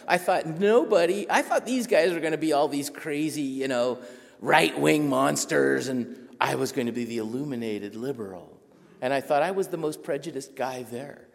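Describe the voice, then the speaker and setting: A man giving a storytelling talk, animated and self-deprecating, jumping up in pitch when he quotes people. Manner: animated, jumps to high excited pitch for quoted voices. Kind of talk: storytelling lecture. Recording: long reverb of a hall.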